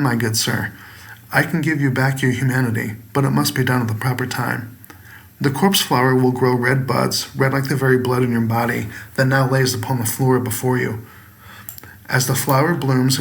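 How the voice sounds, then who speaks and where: A man voicing a small, sinister creature servant who speaks calmly, politely and coaxingly in a storybook reading. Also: medium pitch, moderate pace, vocal fry, close to an everyday voice. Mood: soothing. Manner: calm, courteous, coaxing.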